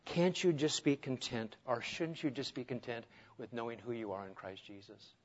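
A man's voice: mid-range voice, animated, normal speed. A male pastor preaching an earnest, emphatic sermon, asking his listeners rhetorical questions. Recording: dull lo-fi sound.

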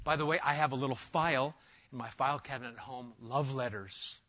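A middle-aged man preaching an expository sermon, emphatic and animated, often restarting his phrases. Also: medium pitch, fairly quick, dull audio. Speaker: pastor.

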